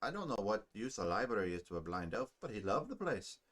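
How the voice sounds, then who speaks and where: A man's voice: fairly low pitch, very animated, fast, fairly bright tone. A man voicing a grim, bitter male dwarf soldier in a put-on Scottish accent, blunt and gloomy. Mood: wistful.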